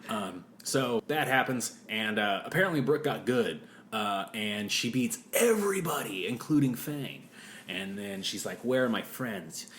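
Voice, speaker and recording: A man with a fairly low voice talks through a movie plot in a casual, joking co-host chat. He drops into quick offhand voices for the characters as he retells the scenes. A faint ambient hiss sits under the recording. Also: very animated, a bit bright. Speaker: podcast co-host.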